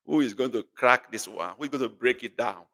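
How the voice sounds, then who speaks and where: A man's voice: medium pitch, lively intonation, moderate pace, bright, forceful tone, in a large hall. A man with a Nigerian accent teaching a live online language class, calling on students by name and teasing them as he repeats phrases. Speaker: language tutor.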